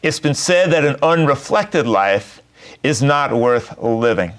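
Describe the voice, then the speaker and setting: A man, a rabbi, giving a gentle, reflective sermon and telling a story. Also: mid-range voice, lively intonation, takes it slowly.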